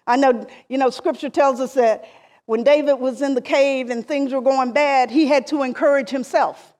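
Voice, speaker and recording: A woman preaching a sermon, deliberate and emphatic, with phrases that rise and then trail off softly. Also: high voice, fairly even intonation. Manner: slow, deliberate preaching with emphatic rises and soft trailing endings.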